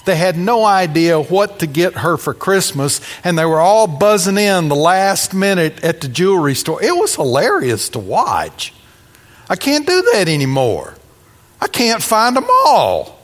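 A man's voice: on the high side, very animated, normal speed, long reverb tail. A man preaching a sermon with dramatic emphasis and humorous asides. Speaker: pastor.

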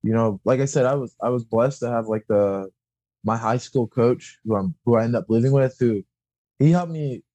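A man's voice: mid-range voice, moderate pace, warm tone, no room sound. A young man, a wrestling coach, talking candidly and bluntly in a casual podcast chat, swearing freely and acting out quotes.

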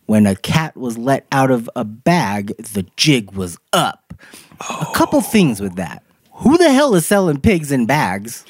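A man's voice: mid-range voice, sing-song, measured pace, breathy edge, dry recording, clean studio sound. A man hosting a podcast, reading idiom meanings from his notes in casual chat and laughing often. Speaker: podcast host.

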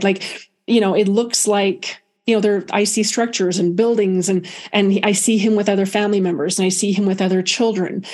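Reflective woman medium, halting storytelling. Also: mid-range voice. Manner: halting, many restarts, soft and reflective. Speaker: guest medium. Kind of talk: emotional personal storytelling.

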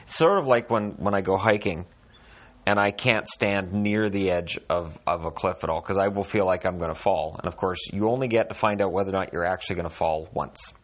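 A middle-aged man with a deep, low voice chats on his podcast from a hotel room. His humor is dry and self-deprecating, and he often restarts his sentences as he goes. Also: a little fast, a bit bright. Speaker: podcast host. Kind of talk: casual solo podcast chat.

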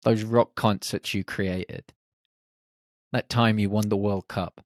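Slow, low-voiced man reflecting. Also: fairly even intonation, no room sound, studio quality. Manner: unhurried, speaks in short reflective phrases. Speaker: podcast host. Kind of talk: reflective solo podcast monologue.

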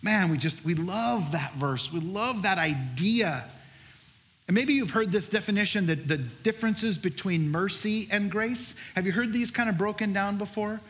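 A middle-aged male pastor preaching a sermon, telling a lively personal story before moving into scripture. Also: high-pitched, moderate pace. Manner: animated storyteller, shouts during the story's peaks.

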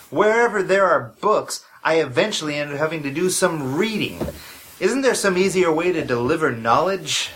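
A man voicing a sarcastic, grumpy adventurer in a comedy audio drama, with a deadpan delivery. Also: fairly high pitch, normal speed, a little hiss or hum.

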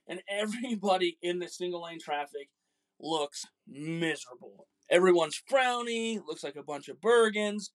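A man hosting a casual podcast with his son, telling stories in an animated, joking way. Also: sits high, moderate pace. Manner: animated, jokey, acts out voices in stories. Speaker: podcast host, father. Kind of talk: casual storytelling chat.

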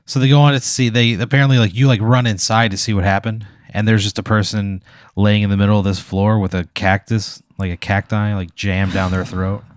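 A man narrating a tabletop role-play game as game master, telling scenes in a loose, profane, vivid way. His voice sits a little low, and it is recorded close and dry. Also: level tone, fairly quick, no room sound. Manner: casual, profane, vivid storytelling.

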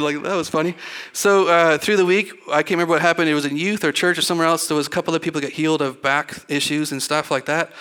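A man's voice: fairly high pitch, sharp tone. A middle-aged man, a pastor, preaching in a church in a rambling, folksy storytelling way, acting out the people he quotes. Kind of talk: storytelling sermon. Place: church sanctuary.

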